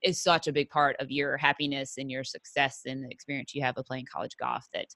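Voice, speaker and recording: Low-voiced bright podcast host. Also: female voice, fairly even intonation, fairly quick, vocal fry, no room sound. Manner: chatty, many fillers. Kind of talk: casual interview chat.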